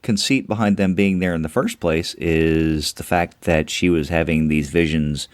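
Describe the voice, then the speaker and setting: A man co-hosting a podcast, chatting casually about movies, animated and jokey. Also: sits low, moderate pace, no echo. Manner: animated, jokey, acts out quotes. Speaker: podcast co-host. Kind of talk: casual movie review chat.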